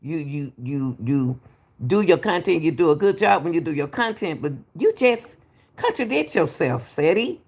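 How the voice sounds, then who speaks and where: Gravelly woman calling people baby. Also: low-pitched, big pitch swings, moderate pace, a little mellow. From Atlanta, US. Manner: repetitive, emphatic, calls people baby. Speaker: YouTube commentator. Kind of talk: reaction commentary.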